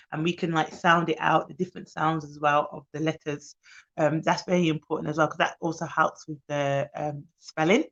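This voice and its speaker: Tired, fast-talking woman nanny on a live stream. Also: sits low, a bit bright, muffled recording. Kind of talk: live-streamed advice talk.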